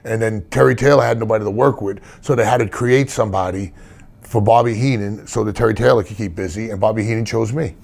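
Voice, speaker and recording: Middle-aged new guy, gravelly low voice, rambling wrestling stories, keeps restarting. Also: quick pace, darkish tone. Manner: rambling anecdotes with many restarts. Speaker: wrestler guest. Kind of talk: casual interview storytelling.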